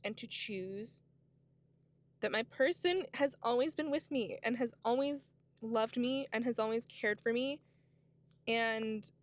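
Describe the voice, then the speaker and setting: Higher-pitched woman in her twenties musing. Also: measured pace. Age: 20s. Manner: musing and spiritual, with many "like" and "you know" fillers. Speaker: vlogger. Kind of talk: casual reflective monologue.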